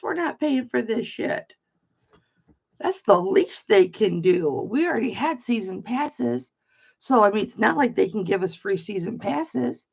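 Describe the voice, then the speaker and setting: A middle-aged woman from Michigan runs an online auction livestream, telling a rambling story in a blunt, chatty way and swearing freely. Her fairly high voice has vocal fry, a darkish tone and a slightly rough texture, heard through slightly dull lo-fi stream audio.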